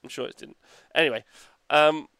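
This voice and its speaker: A man's voice: a little high, steady tone, moderate pace, pushed and bright, clean tone, no room sound. A man co-hosting a podcast in casual chat, enthusiastic and rambling, laughing often and swearing casually. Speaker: podcast co-host.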